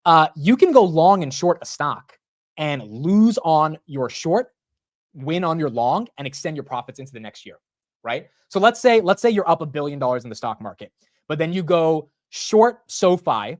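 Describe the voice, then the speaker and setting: A man in his twenties hosting a casual live market stream, rambling and excitable, often saying bro and dude. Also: on the high side, moderate pace, no room sound. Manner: rambling with frequent restarts. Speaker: stock market livestream host.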